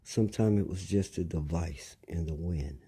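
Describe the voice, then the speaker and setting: A man's voice: low voice, normal speed, mellow, slightly rough. A man delivering a rambling monologue, lecturing listeners, repeating phrases and asking them pointed questions.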